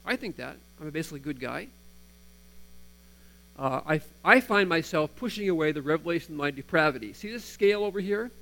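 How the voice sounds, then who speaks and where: A man's voice: a little high, animated, brisk, vocal fry, a bit bright, rough recording. Earnest male preacher with a humming mic. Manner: earnest, reads scripture aloud with emphasis. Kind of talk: sermon. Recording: mains hum underneath.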